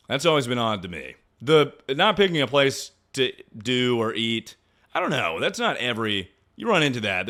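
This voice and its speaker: A man's voice: mid-range voice, sharp tone. Rambling, joking young man. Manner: rambling, joking, trails off into mumbles. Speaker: streamer reacting to viewer stories. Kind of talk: casual crude commentary.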